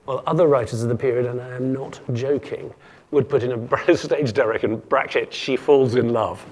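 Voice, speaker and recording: A man's voice: medium pitch, fairly even intonation, a little fast. A man giving a humorous keynote lecture to an audience, playful and jokey, often stumbling and restarting his sentences. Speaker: keynote speaker.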